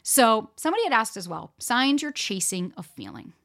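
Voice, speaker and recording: A woman's voice: on the high side, wildly swooping pitch, moderate pace, gravelly, a bit bright. A young woman hosting a solo dating-advice podcast, talking frankly and swearing freely as she speaks straight to her listeners. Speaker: dating coach podcast host. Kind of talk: casual solo podcast talk.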